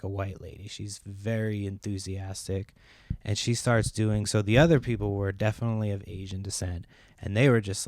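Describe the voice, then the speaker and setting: A low-voiced man hosts his podcast, rambling through a frustrated story with plenty of swearing. The recording is dry and close, with no room sound. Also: a little mellow, dry recording. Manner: profane, exasperated storytelling. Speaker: podcast host. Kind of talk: casual rambling monologue.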